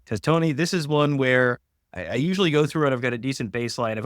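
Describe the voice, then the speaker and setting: A man's voice: medium pitch, lively intonation, quick pace, dry recording. A man co-hosting a sports podcast, wry and conversational. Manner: wry, dry humor, conversational. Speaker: podcast co-host. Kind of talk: casual sports podcast banter.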